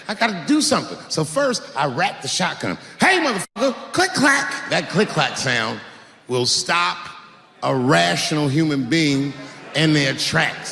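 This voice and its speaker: Animated high-voiced stand-up comedian. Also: male voice, gravelly. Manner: animated, shouts punchlines, acts out scenes. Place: large theater stage. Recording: echoey hall with long reverb.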